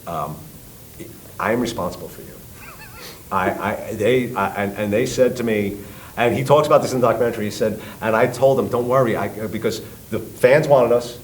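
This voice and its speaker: A middle-aged man from New York with a New York accent, a guest telling a story with loud acted-out quotes and swearing. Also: on the low side, normal speed, slight background noise, low-quality recording. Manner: lively, acts out quotes loudly, swears. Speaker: guest, tribute band singer. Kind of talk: animated storytelling.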